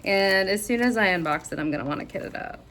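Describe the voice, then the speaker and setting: Woman vlogging, super excitable and gushy, gasps a lot, voice jumps all over. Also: mid-range voice, fast, slight background noise. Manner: gushing and excitable, with frequent gasps. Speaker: crafting vlogger. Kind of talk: casual vlog chat.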